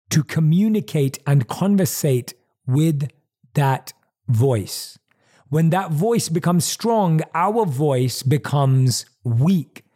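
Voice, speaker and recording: Male podcast host, warm mellow tone on the higher side, earnest motivational monologue, emphatic repetition, close desk mic. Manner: earnest, emphatic, repeats key phrases. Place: at his desk. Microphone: desk microphone.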